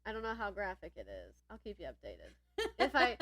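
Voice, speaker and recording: A woman's voice: mid-range voice, wildly swooping pitch, brisk, pushed and bright, no room sound. A woman co-hosting a podcast in casual chat, rambling and laughing often. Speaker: podcast co-host.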